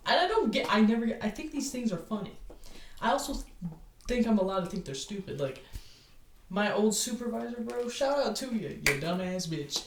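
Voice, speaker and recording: A woman's voice: a little high, expressive, moderate pace, distant mic. A young woman telling stories in a casual, rambling way, full of "like" fillers and swearing, recorded in her living room. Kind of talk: casual storytelling. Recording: roomy, off-mic, faint noise.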